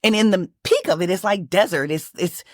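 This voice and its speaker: Animated Texan woman telling a story. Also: lowish voice, brisk, no echo, studio quality. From Texas. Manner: animated, emphatic, lots of restarts and fillers. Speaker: manifestation channel host. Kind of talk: casual personal storytelling.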